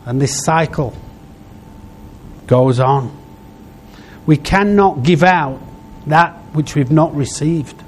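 A male preacher delivers a heartfelt sermon in short, pausing phrases. He speaks very slowly, with a voice pitched a little high for a man. A faint hum lies under his voice. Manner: slow, heartfelt, phrases broken by pauses.

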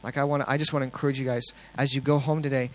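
A young man sharing a testimony with a congregation, telling his story earnestly and excitedly, with plenty of fillers and restarts. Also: mid-range voice, very fast, low-quality recording.

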